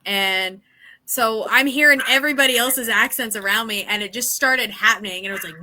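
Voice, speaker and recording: A woman's voice: fairly high pitch, moderate pace, bright, forceful tone. A woman, a guest actress, chatting casually and giggling between stories. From Indiana. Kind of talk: casual panel chat.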